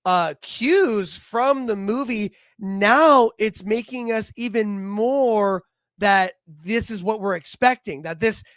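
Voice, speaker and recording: Slow-talking woman hosting a discussion. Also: medium pitch, no room sound. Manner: conversational, searching for words. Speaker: podcast host. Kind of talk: casual discussion.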